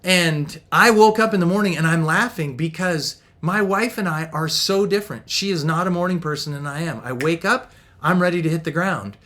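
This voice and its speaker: Man, middle-aged, high voice, energetic, upbeat, Christian marriage coach, motivational talk. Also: moderate pace. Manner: energetic and upbeat, laughs often; acts out quoted voices.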